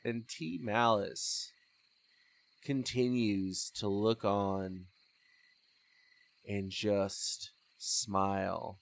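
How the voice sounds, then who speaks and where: Slow, measured male game master. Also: fairly low pitch, vocal fry, dry recording. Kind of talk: narrating a tabletop game. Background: background music.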